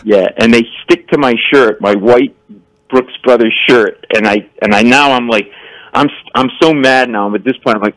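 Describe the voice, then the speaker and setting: A man's voice: mid-range voice, moderate pace, fairly bright tone, no echo, poor audio. Storytelling comedian man, dry studio sound. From New York area. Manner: acts out characters in voices, laughing often. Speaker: comedian guest. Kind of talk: animated storytelling in a radio interview. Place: radio studio.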